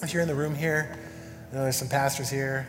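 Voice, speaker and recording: A man's voice: mid-range voice, little pitch movement, a little fast, big-room sound, over music. A man in his thirties preaching a sermon, telling a family story with acted-out voices and sound effects. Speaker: pastor. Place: church hall.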